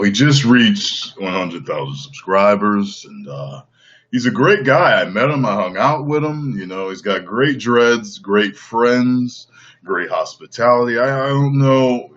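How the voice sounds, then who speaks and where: A man's voice: on the low side, fairly bright tone. A man doing an impression of a laid-back male YouTuber, rambling easily with lots of "you know"s. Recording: dull lo-fi livestream audio.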